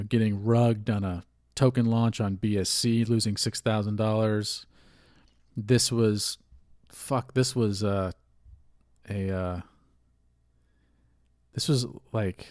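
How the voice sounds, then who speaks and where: A man's voice: on the low side, a little mellow, dry recording, studio quality. A man hosting a solo podcast, rambling in a candid, rueful way with a stuffy, sniffly nose from allergies. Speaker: podcast host. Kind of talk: casual solo podcast monologue.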